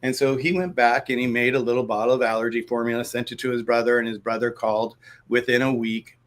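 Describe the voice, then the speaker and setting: A man, a guest in a conversation, telling a story in an animated way and acting out the dialogue as he goes. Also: medium pitch, fast talker.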